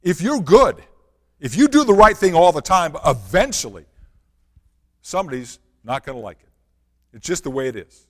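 A man's voice: a little high, very animated, moderate pace, long pauses, a bit bright, in a large hall. A man preaching a sermon, reading scripture and asking the congregation earnest rhetorical questions. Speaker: pastor.

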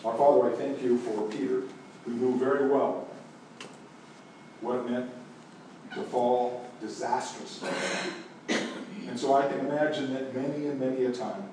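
A man preaching a sermon as pastor, telling stories and swinging from hushed moments to emphatic ones. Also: medium pitch, steady tone, measured pace, long pauses, slight background noise. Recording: echoey room, voice from a distance.

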